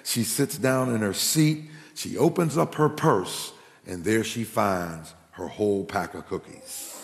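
Folksy preacher guy telling funny stories, gravelly voice, big roomy church echo. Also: unhurried. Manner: folksy, animated, jumps into high voices for quoted characters. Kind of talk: humorous sermon storytelling. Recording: echoey hall.

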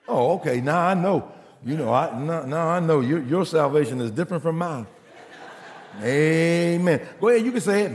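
Male pastor, fairly high gravelly voice, animated storytelling sermon, reverberant hall. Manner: animated, acts out dialogue with big pitch swings.

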